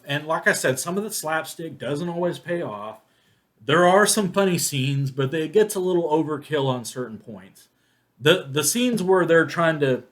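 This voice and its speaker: A man's voice: medium pitch, a bit bright. A man giving a casual, rambling spoken movie review, full of restarts and fillers. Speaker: film reviewer.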